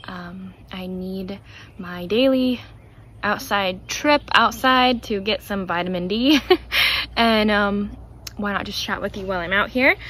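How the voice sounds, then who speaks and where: A woman's voice: medium pitch, slow pace, pushed and bright. A young woman chatting casually to her viewers while outdoors. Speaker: book vlogger. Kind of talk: casual vlog chat. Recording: outdoor clip with faint background noise. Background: dogs panting.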